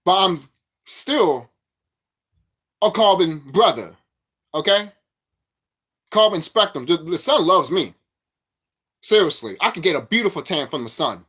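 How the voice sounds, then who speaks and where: A man's voice: high-pitched, very animated, unhurried, long pauses, a bit bright, slightly rough. A man vlogging a profane, repetitive spiritual rant, preaching straight at his viewers.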